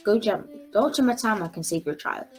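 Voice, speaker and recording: Woman reading as a wise helper, warm steady voice, storybook. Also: medium pitch, brisk, faint music behind, close to an everyday voice.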